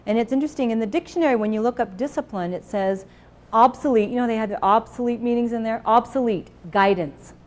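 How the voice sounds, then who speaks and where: A woman's voice: mid-range voice, a little mellow, slight background noise. A middle-aged woman giving a live parenting talk to an audience, laughing often and acting out scenes with her children. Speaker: parenting speaker.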